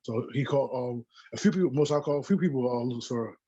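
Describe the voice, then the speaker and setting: Husky-voiced man, tentative and halting, thinking aloud in a discussion. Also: medium pitch, dark tone, muffled recording. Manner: hesitant, full of ums and restarts. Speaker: discussion participant. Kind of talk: religious discussion.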